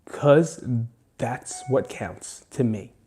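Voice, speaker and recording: A man's voice: mid-range voice, animated, very slow, a little mellow. A man hosting a solo podcast, talking earnestly and emphatically, swearing often and close to tears. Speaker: podcast host. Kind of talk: emotional solo podcast monologue.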